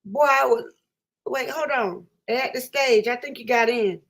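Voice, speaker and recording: A woman's voice: a little high, a little slow. A woman hosting a live stream, arguing her view of a case emphatically and often repeating herself. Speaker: host.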